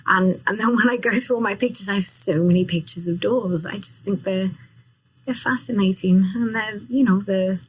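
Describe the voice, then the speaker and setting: A woman's voice: mid-range voice, moderate pace, breathy edge. A woman with a British English accent, guesting on a podcast as a real estate agent, chatting casually, laughing often and trailing off mid-sentence. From born in New York, raised in England. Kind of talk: casual interview chat.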